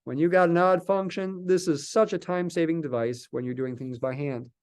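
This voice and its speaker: A man's voice: fairly high pitch, brisk, a little mellow, smooth. A man lecturing a calculus class in a slightly raised voice. He thinks aloud as he works, stops and restarts, and answers his own questions. It sounds like an unscripted classroom lecture. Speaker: math lecturer.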